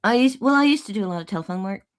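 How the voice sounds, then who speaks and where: A woman with a Southern accent from Texas chats in a mid-pitched voice, folksy and storytelling. The sound is close and dry, with no room around her. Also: animated, very fast, no echo. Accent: Southern American. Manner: chatty storyteller, folksy phrases. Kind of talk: casual chat.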